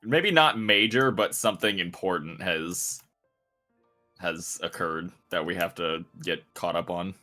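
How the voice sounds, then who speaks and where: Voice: deep voice, measured pace, pushed and bright, soft background music. A player in a tabletop game stream, talking casually and bluntly with some swearing. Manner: blunt, swears, laughs along. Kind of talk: casual chat between players.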